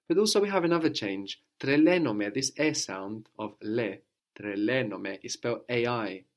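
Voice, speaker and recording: Low-voiced man teaching a language. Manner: patient, explaining, often asks "no?". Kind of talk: spoken language lesson.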